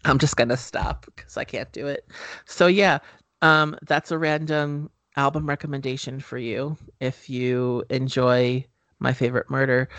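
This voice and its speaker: A man's voice: a little high, bright, forceful tone, no echo. A man co-hosting a casual movie-review podcast, talking in a loose, rambling way with lots of "um" fillers. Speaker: podcast co-host.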